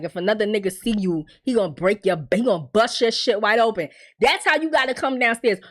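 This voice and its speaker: A woman casually recapping a TV episode, profane and laughing often, acting out characters' lines in quick impressions. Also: medium pitch, a bit bright. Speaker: TV recap host.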